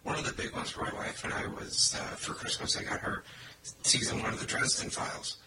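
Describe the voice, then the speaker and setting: A man co-hosting a podcast, talking in a measured, thoughtful way in casual chat. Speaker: podcast co-host. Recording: loud background noise.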